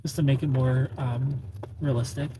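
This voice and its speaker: A man's voice: mid-range voice, little pitch movement, normal speed, warm tone, a little hiss or hum. A man chatting on a casual live stream, greeting viewers by name, playful and laughing often.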